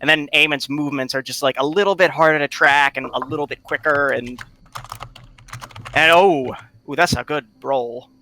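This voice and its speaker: Bright-voiced playful male player. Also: on the high side, slight background noise. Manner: playful, quick rules talk. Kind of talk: casual tabletop game chat.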